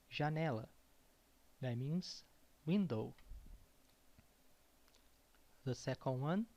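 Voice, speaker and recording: Guy teaching sounds, super slow, says every word over and over. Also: mid-range voice, dark tone, muffled recording. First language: Portuguese. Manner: slow, repeats each word several times. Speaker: language teacher. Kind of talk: pronunciation lesson.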